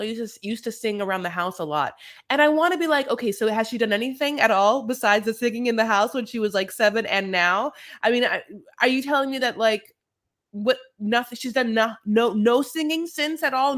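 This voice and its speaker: A man's voice: high voice, fairly bright tone. A man co-hosting a podcast, recapping a reality show in a campy, gossipy way with dramatic asides. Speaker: podcast co-host.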